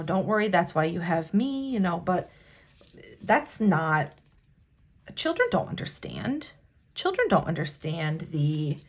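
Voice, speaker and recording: A woman vlogger talking in a halting, emotional way while working on her planner at a home desk. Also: on the low side, breathy edge. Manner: halting, emotional, many restarts. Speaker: planner vlogger and immigration attorney. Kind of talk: casual talk while decorating a planner.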